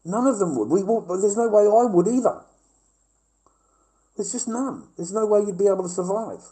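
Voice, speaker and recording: A middle-aged Australian man rants brashly and combatively on a livestream, swearing constantly. His voice is high and mellow at a normal speed, and the audio is poor.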